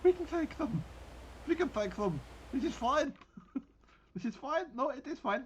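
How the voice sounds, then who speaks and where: A man voicing a falsely calm German naval commander, with a put-on German accent and a strained high voice. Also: unhurried, full character voice. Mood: forced calm. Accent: mock German. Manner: insists all is fine in a strained high voice.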